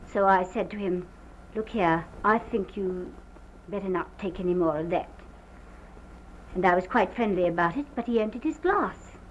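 Distraught young wife, halting and theatrical, played by an actress, dull hissy 1929 film sound. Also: female voice, mid-range voice, close to an everyday voice. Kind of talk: early sound film drama. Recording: dull lo-fi early film soundtrack with faint hiss.

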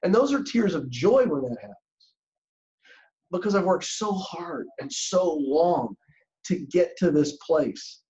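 A man's voice: fairly high pitch, animated, a little slow, darkish tone, lo-fi sound. A middle-aged man speaking as a guest career coach in a podcast interview, with an earnest, emphatic storytelling manner.

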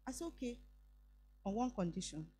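Nigerian woman preacher, middle-aged, higher voice, emphatic storytelling sermon. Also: sing-song, normal speed, warm tone, slight background noise. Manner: storytelling, switching into Yoruba phrases; emphatic, voice rising on declarations.

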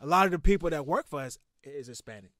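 A man in his thirties tells a story on a podcast, his voice pitched a little high and recorded dry and close. He talks with heat and swears freely, building the tale with animated energy. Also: fast, no echo. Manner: profane, animated, heated storytelling. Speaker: podcast host telling a story. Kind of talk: casual storytelling.

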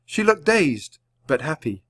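A man reading a children's storybook aloud at a natural, measured pace for learners. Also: a little high, very animated, a bit bright, breathy edge. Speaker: audiobook reader. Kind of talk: storybook narration read aloud.

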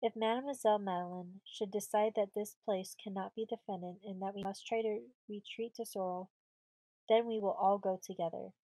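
A woman doing a grave, steady frontier husband. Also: medium pitch, normal speed, dry recording, close to an everyday voice, low-quality recording. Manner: grave, reasoning.

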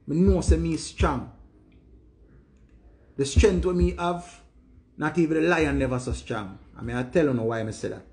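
A man's voice: mid-range voice, warm tone. A grieving man with a Jamaican accent, talking emphatically and repeating himself in patois. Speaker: vlogger. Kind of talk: emotional monologue to camera.

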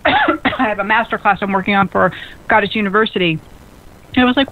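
A woman hosting a radio talk show in an excitable, bubbly way, often laughing at herself. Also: medium pitch, fairly quick. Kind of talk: casual radio chat. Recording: lo-fi phone-like radio audio.

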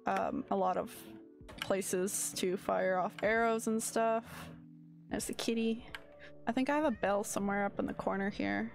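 A woman's voice: medium pitch, fairly even intonation, moderate pace, gravelly, faint music behind. A woman streamer giving casual gameplay commentary in a sleepy, rambling way, often searching for her words. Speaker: game streamer.

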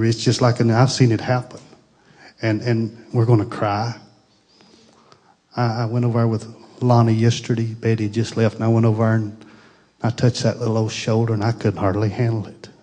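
A middle-aged pastor preaching a Pentecostal sermon, moving from grief to fervent praise. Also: male voice, mid-range voice. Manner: grieving then rising to fervent shouted praise.

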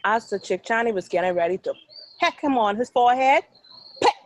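Bahamian woman teacher, children's storyteller, higher voice, dramatic with sound effects. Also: lively intonation, brisk, poor audio.

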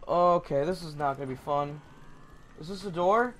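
A young man hosting a gaming channel, giving casual, excitable gameplay commentary and swearing when startled. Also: fairly high pitch, moderate pace, muffled recording.

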